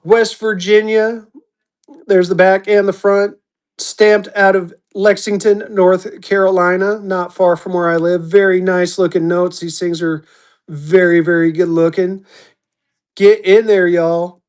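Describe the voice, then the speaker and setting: A man running a live-stream auction, chatty and upbeat, slipping into a quick auctioneer chant, his voice going hoarse. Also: sits high, little pitch movement. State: losing his voice.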